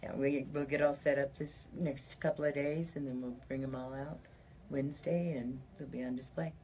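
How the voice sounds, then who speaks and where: A woman with an unusually deep voice talks about the animals she tours with, relaxed and matter-of-fact, laughing easily between answers. Her tone is dark and mellow. A faint hum sits behind her in the studio. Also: moderate pace. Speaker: traveling animal exhibitor. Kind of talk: casual radio studio interview. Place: radio studio.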